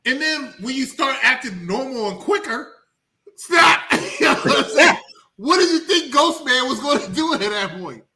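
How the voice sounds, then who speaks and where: A man co-hosting a casual movie review podcast. He talks in an animated way, laughs often and swears freely. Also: extremely high pitch, normal speed. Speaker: podcast co-host.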